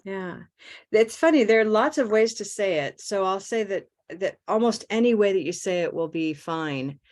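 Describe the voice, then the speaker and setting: A woman's voice: mid-range voice, normal speed. Upbeat woman teaching pronunciation. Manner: warm, checks in with frequent "okay?". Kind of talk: live online class, upbeat and encouraging.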